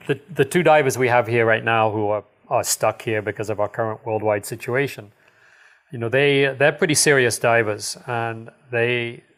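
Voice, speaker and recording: A man's voice: mid-range voice, fairly bright tone. A middle-aged man who owns a dive shop, telling rambling, enthusiastic stories as a podcast guest, full of fillers and chuckles. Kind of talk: casual storytelling interview.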